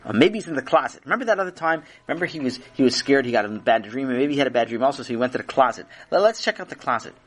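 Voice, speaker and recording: A man's voice: mid-range voice, animated, rapid-fire, hardly any pauses, natural voice. A man voicing a puzzled, fussy father in a told children's story, rambling through guesses.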